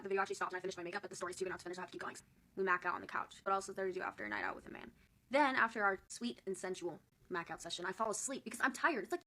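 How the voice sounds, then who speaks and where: Very fast, animated young woman. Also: mid-range voice. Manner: animated, playful, gossipy. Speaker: storyteller. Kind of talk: casual storytime to camera.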